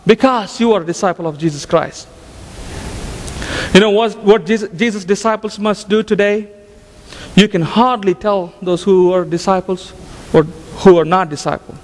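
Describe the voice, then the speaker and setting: A man's voice: high-pitched, normal speed, big-room sound, slight background noise. A man preaching a sermon as pastor, emphatic, often restarting and repeating his phrases. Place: church sanctuary.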